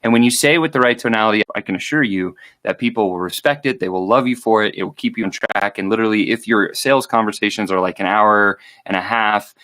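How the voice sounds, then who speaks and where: A man's voice: fairly low pitch, fast talker, hardly any pauses, sharp tone, no room sound. A man giving sales training straight to camera, emphatic and motivational, acting out sample call lines along the way. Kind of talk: direct-to-camera sales coaching.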